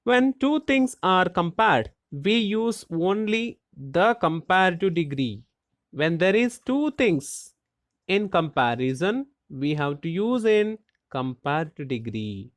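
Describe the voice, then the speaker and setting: Slow, deliberate grammar teacher. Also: mid-range voice, sing-song, no echo. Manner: slow and deliberate, asks rhetorical questions, spells out letters. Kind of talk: explaining a grammar lesson.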